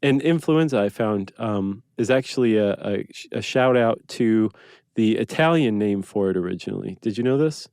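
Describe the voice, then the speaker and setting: A man's voice: on the low side, expressive, normal speed, a little mellow, no echo, studio quality. A man co-hosting a podcast, explaining facts in curious, conversational casual chat. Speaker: podcast co-host.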